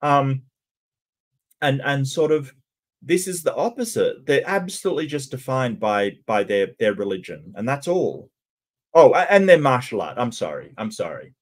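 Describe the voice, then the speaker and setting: A man's voice: medium pitch, lively intonation, normal speed. A man hosting a channel, giving casual reaction commentary in a hesitant way, with lots of stammered restarts and ums. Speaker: channel host reacting to cartoon clips.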